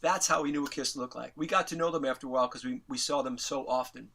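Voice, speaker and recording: A middle-aged man from New York, an interview guest, telling a story animatedly, acting out quotes with big jumps in pitch and swearing casually. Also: steady tone, quick pace, vocal fry, fairly bright tone, breathy edge.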